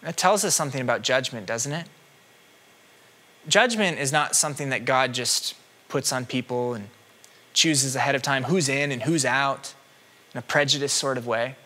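A man preaching a sermon as a minister, moving from hushed reflection to loud, pleading questions. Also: mid-range voice, normal speed.

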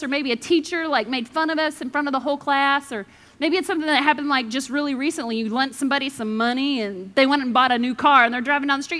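A woman pastor giving a lively, joking sermon with dramatic pauses. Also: sits high.

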